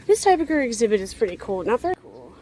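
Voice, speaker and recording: A woman's voice: fairly high pitch, sing-song, fast talker, warm tone, poor audio. A young woman vlogging outdoors, holding her phone camera as she walks and talks. Her chat wanders in a rambling way, with many sighs, and she sounds worn out. Faint outdoor noise sits behind her voice. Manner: rambling, tired, sighing often. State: exhausted. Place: outdoors walking around a zoo. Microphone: handheld phone camera.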